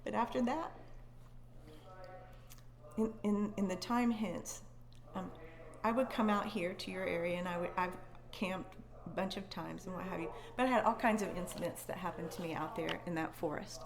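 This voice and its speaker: A woman's voice: lowish voice, fairly even intonation, normal speed, creaky, a crowd in the background. A woman at a conference telling an eerie first-person story with emotion, repeating and restarting words and acting out her own thoughts. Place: conference venue.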